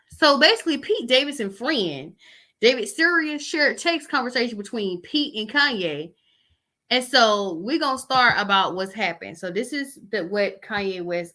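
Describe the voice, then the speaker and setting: Bright-voiced chatty woman. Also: on the high side. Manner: chatty, loose and conversational, with asides. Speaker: host. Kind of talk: casual chat reading out text messages.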